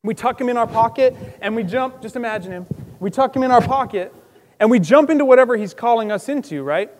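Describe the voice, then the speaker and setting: A man with a high voice preaches a casual, animated sermon. He acts out quotes with sudden loud outbursts. His voice carries a long reverb from the church hall around him. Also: quick pace. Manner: lively, conversational, acts out quotes with loud bursts. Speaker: pastor.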